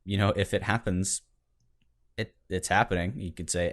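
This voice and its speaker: Talking slightly quickly in a low voice, this young podcast co-host keeps things joking and relaxed as he casually discusses tabletop games.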